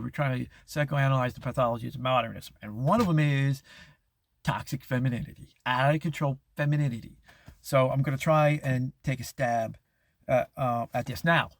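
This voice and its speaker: A man's voice: medium pitch, vocal fry, no room sound. A middle-aged man hosting a casual monologue, rambling with restarts and chuckling as he acts out quoted voices. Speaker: host.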